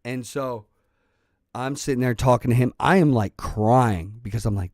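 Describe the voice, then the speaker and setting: A man's voice: medium pitch, lively intonation, normal speed, a little mellow, no echo, clean studio sound. A man telling a personal story in a casual, rambling way, swearing freely and restarting his sentences often. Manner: rambling and profane, with many restarts. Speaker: channel host.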